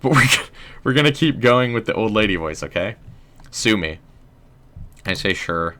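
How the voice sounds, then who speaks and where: A young man hosting a casual game livestream, rambling in a relaxed way with lots of "um" and "like". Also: on the low side, normal speed. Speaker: livestream host.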